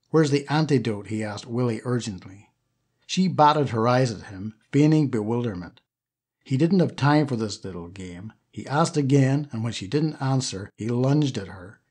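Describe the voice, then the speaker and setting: A male audiobook narrator reads an adventure novel aloud with steady, lively storytelling. His voice is husky and breathy, neither high nor low. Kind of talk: scripted narration.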